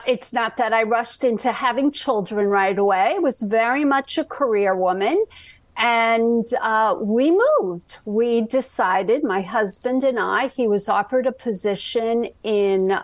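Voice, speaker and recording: A woman with a Brooklyn accent, a guest author telling her life story in an interview, slow and halting with many ums. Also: medium pitch, dry recording, poor audio. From Brooklyn, New York. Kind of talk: interview conversation.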